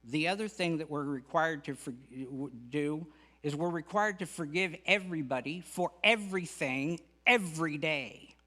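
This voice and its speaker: Middle-aged man, guest speaker, spiritual lecture, earnest and folksy, humorous asides, slightly high voice. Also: normal speed, pushed and bright. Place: spiritual center sanctuary.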